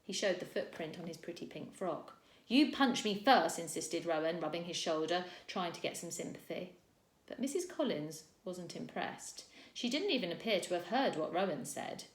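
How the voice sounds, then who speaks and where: A woman teacher reading a children's chapter book aloud, expressive and acting out the characters. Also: lowish voice, moderate pace. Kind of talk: storybook read-aloud. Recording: echoey room.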